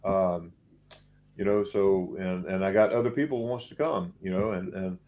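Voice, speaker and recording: A man's voice: low-pitched, moderate pace, darkish tone, lo-fi sound. A man hosting a casual late-night live chat, rambling and repeating words as he talks, tired after staying up all night. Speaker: host.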